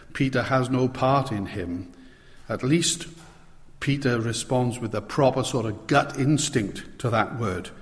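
Slow, deliberate male preacher in a reverberant hall. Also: medium pitch. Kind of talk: sermon.

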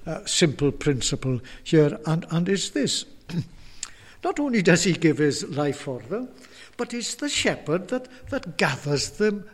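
A man preaching a sermon, his voice pitched high for a man and carrying an earnest, pleading tone. He often repeats words as he builds toward a point. His voice rings with the long reverb of a large hall. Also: a little mellow.

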